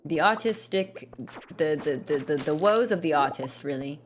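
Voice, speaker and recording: A woman's voice: deep voice, lively intonation, moderate pace, a little hiss or hum. A young woman casually chatting and joking while playing a farming game, rambling and self-deprecating. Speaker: gaming streamer. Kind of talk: casual gameplay commentary.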